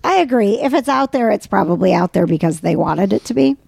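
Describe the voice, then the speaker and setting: Chatty woman with a gravelly edge. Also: mid-range voice, animated, a little fast, darkish tone, no echo, clean studio sound. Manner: chatty storyteller, laughs often, many fillers. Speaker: podcast co-host. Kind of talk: casual chat. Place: home couch.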